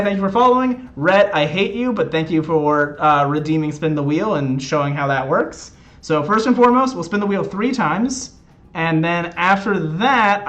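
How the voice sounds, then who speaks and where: A man with a high, light voice chats loosely with his live audience, cracking jokes and teasing himself. Faint game music plays underneath him. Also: a bit bright. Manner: chatty, joking, self-mocking. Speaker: streamer. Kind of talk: casual live-stream chat.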